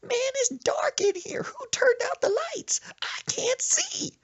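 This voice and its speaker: A man voicing a cranky, sharp-tongued old grandmother in a shrill high falsetto with a drawling, sassy delivery. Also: expressive, slow pace, full character voice. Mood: panicked.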